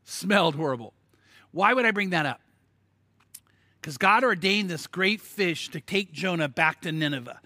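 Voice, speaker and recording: A man preaching a sermon, telling the story in an animated way with stammered restarts and sudden emphatic bursts. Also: high-pitched, moderate pace, no room sound, studio quality. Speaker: pastor.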